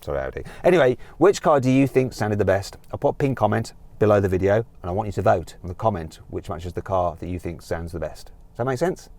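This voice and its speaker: A man's voice: fairly low pitch, animated, fast talker, few pauses, darkish tone. A man presenting a car drag race from inside a car, cheeky and jokey, exclaiming at the action.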